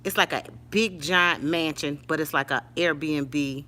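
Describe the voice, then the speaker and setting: An older woman telling a story to her live-stream viewers in a casual, animated way. She calls them y'all and honey and speaks. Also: low-pitched, unhurried.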